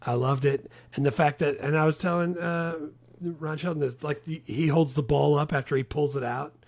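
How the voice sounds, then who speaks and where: A man's voice: fairly high pitch, steady tone, moderate pace, a little mellow, dry recording. A man co-hosting a podcast in casual movie chat, laid-back, laughing often and saying "dude" a lot. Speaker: podcast co-host.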